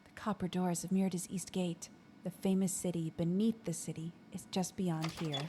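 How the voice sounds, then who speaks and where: A woman voicing a polite, earnest young lady adventurer in a courteous, measured way. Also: on the low side, little pitch movement, mellow, a little hiss or hum, close to an everyday voice.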